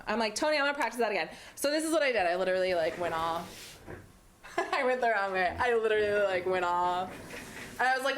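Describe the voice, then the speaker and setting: A woman's voice: a little high, quick pace. A young woman hosting a community TV talk show, talking on her own in a playful, chatty way with many fillers. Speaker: host. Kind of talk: solo talk-show monologue. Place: community TV studio.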